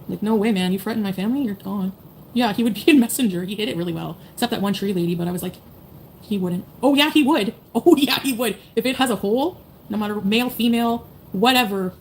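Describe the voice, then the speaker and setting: Woman streamer in her 30s, rapid and blunt, swears freely, faint background hiss. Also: medium pitch, vocal fry, darkish tone. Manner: blunt, profane, rambling with many "like"s and "you know"s. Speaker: streamer talking to chat. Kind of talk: casual livestream chat.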